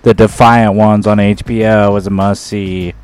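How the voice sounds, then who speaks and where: A man co-hosting a radio show in casual banter, easygoing and quick to laugh. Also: fairly low pitch, flat delivery, a little mellow, soft background music. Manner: slow, easygoing, laughs often.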